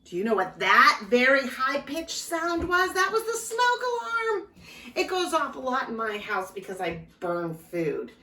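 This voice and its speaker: A woman giving a slow, gentle lesson to young children as a librarian, talking straight to them. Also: a little high, very animated, recorded from a distance, a little hiss or hum. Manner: slow, gentle, speaking directly to small children. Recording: echoey room, voice a bit off-mic. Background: clock ticking.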